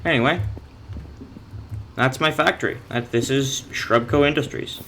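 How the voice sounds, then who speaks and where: A man's voice: medium pitch, normal speed, fairly bright tone, slight background noise. A young man casually walking through his game base, rambling, correcting himself and making dry offhand jokes. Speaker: player giving a base tour. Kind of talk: casual game walkthrough commentary.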